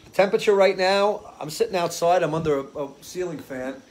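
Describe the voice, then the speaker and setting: A man hosting a casual live stream outdoors on his porch, chatting to viewers. He rambles from story to story and loses his place now and then. His voice sits a little high. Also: brisk, darkish tone. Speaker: live-stream show host. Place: outdoors on a porch under a ceiling fan.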